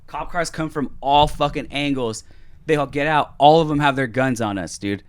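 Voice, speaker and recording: A man's voice: medium pitch, normal speed, smooth, dry recording. A young man co-hosting a podcast, telling a story casually and animatedly, swearing freely. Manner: animated, acts out quotes loudly, swears a lot. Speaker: podcast co-host.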